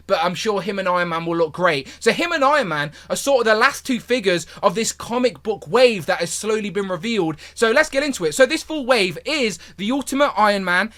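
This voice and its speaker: Hoarse, high-voiced chatty male host. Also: pushed and bright. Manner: enthusiastic, chatty, repeats pleas to viewers. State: hoarse, losing his voice. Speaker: toy review channel host. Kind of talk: casual video review.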